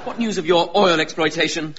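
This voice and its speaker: A man playing a prim, indignant young gentleman who talks stiffly and takes offence. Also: fairly high pitch, a little fast, muffled recording, a faint crowd, natural voice. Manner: stiff, scandalised, posh.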